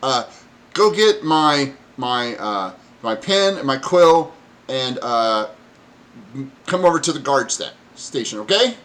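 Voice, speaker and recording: A man voicing an impatient male goblin dock official in a tabletop game, barking orders in a high, loud voice. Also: animated, slow pace. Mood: bossy.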